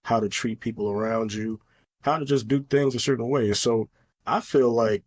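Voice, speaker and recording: A man's voice: medium pitch, fairly even intonation, moderate pace. A middle-aged man co-hosting a podcast, talking in an earnest, opinionated way with lots of fillers. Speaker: podcast co-host. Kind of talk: casual chat.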